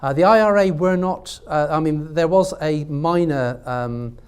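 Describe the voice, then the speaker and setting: A man's voice: on the high side, measured pace, clear, resonant tone. A man speaking as a literary scholar on a university panel, talking in a hesitant way with many fillers and restarts. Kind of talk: academic panel discussion. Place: lecture room at a university event.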